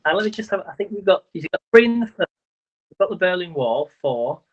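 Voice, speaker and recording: A man's voice: high-pitched, very animated, brisk, husky. Male livestream quiz host, chatty, trips over words, muffled lo-fi sound. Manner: chatty, stumbles over words, counts aloud. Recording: dull lo-fi livestream audio.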